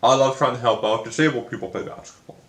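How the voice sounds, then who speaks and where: A young video creator rants casually and with frustration while telling a story, swearing often and repeating himself. He talks fast in a medium-pitched, fairly bright voice, and the room sounds echoey.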